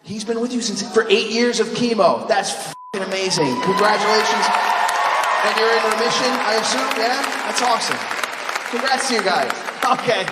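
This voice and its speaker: A man's voice: high-pitched, normal speed, heavy background noise. A man doing stand-up crowd work, bantering with the audience and laughing at his own asides. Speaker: stand-up comedian. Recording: echoey hall, loud crowd laughter.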